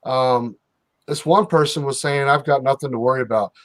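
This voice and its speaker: A man's voice: mid-range voice, moderate pace. Joking livestream host, a man. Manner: joking, then reads out chat with shout-outs. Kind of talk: casual livestream chat.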